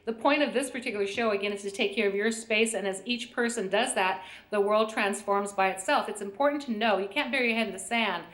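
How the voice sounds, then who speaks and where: A woman's voice: medium pitch, quick pace, few pauses, a bit bright. A middle-aged woman from the United States, chatting as a guest on a call-in show, telling stories with lots of laughs. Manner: chatty, storytelling, laughs often. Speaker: guest, intuition teacher. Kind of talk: casual chat on a call-in show. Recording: echoey room.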